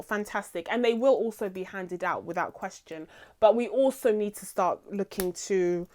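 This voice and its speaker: A woman's voice: medium pitch, normal speed, a little mellow. A young adult woman hosting a casual series review, enthusiastic and laughing often, with many fillers. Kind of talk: casual chat.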